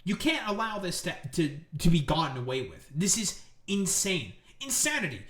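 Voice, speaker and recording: A man in a loud, profane rant reacting to news clips, his voice pitched a little higher than most men's. He sounds like he is in an echoey room. His delivery is angry and blunt, with plenty of swearing. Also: sing-song, moderate pace. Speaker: political commentary streamer.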